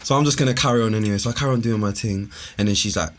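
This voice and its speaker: A young man on a podcast, telling a long story in a laid-back way, full of slang. His voice sits a little low. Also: rapid-fire. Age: young adult. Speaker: podcast co-host. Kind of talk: casual storytelling chat.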